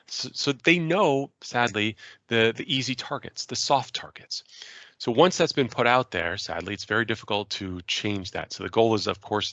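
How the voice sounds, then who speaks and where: Lively, bright-voiced male presenter. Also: lowish voice, creaky, dry recording. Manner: conversational, stresses key points, returns to a brisk timeline read. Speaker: presenter on cybersecurity. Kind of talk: recorded presentation.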